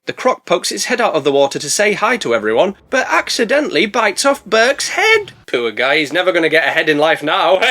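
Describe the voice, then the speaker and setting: A man narrating a comedic film recap, sarcastic and deadpan, full of puns. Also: a little high. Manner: sarcastic, punning, deadpan asides. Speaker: film reviewer.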